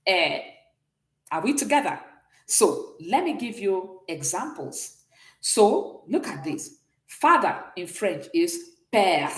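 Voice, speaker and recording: In an echoey room, a woman with a mid-range voice teaches a beginners' French class online. She explains things patiently and often checks in with an "okay?"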